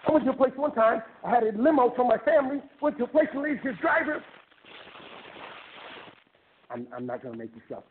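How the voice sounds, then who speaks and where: A man giving an animated motivational talk to a university class, joking with the audience and taking questions in a lecture room. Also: on the high side, quick pace. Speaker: guest speaker. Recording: tinny phone-like recording with noise.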